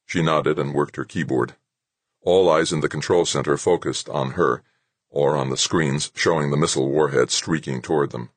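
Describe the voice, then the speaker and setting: A man reading a science fiction novel aloud in measured scripted narration, close to the mic. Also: rumbling low, fairly even intonation, husky, no echo. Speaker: audiobook narrator.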